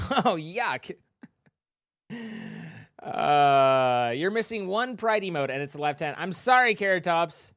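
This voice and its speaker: A man's voice: on the high side, lively intonation, takes it slowly, pauses often, a bit bright, no room sound, clean studio sound. A man streaming live, casually thanking viewers by name and making playful joking asides. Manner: reads out donor names, playful joking asides.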